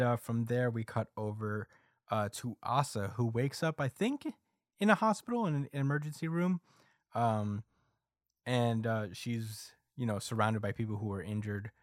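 A man with a lowish voice recaps a comic chapter for his podcast co-hosts, rambling and filling pauses with "uh" and "um." The sound is dry and close, with no room around it. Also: no echo. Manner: rambling recap with many fillers, acting out quotes. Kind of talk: casual chat.

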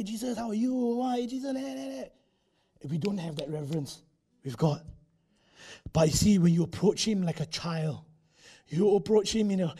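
A male preacher delivers a conversational sermon in a church. His voice is high, husky and dark-toned. He acts out little quotes and drops tag particles as he goes.

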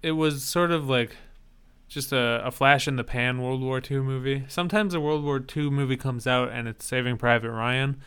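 A man's voice: medium pitch, fairly even intonation, moderate pace, a bit bright, clean tone. A man co-hosting a casual movie chat, making dry, matter-of-fact quips. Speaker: podcast co-host.

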